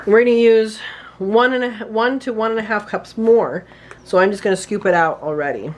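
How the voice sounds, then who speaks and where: A woman's voice: medium pitch, moderate pace. A woman hosting a home cooking video, chatting casually as she works through a recipe, with hiccups that she keeps apologizing for. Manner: chatty, talks while working, apologizes for hiccups. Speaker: home cooking channel host.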